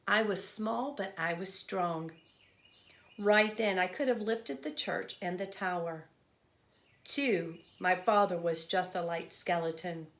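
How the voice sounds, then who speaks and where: A woman's voice: on the low side, slow. A woman voicing an old village man who tells a grief-filled childhood story in a children's novel read aloud. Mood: intent. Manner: earnest storytelling, rising to loud cries.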